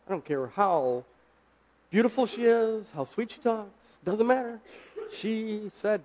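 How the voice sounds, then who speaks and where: A man preaching a casual, conversational sermon, asking his listeners questions and slowing down for emphasis. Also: high voice, darkish tone. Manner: conversational, asks the audience questions, slows for emphasis.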